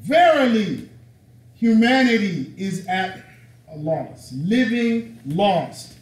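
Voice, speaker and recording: A man's voice: high-pitched, lively intonation, a little slow, a little mellow. A man teaching a live lecture to a room, preaching emphatically in a casual, conversational way with bits of slang. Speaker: religious teacher. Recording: echoey room, voice from a distance.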